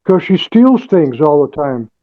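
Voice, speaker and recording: A man defending himself at a court hearing, defiant and halting, full of restarts. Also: a little high, big pitch swings, phone-quality sound. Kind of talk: testifying in court.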